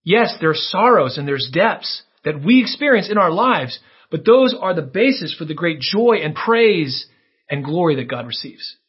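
A man preaching a sermon, earnest and dramatic, with his voice leaping up and then dropping to a hush as he tells a story. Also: fairly high pitch, sing-song, normal speed, breathy edge. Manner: earnest, dramatic storytelling with sudden rises and hushed drops. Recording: dull lo-fi sound.

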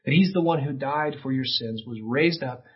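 Man, preaching, husky, fervent swings up to near-shouting, mid pitch, muffled lo-fi sound. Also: normal speed. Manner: impassioned, rising to near-shouting peaks. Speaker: pastor. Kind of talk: sermon. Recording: dull lo-fi sound.

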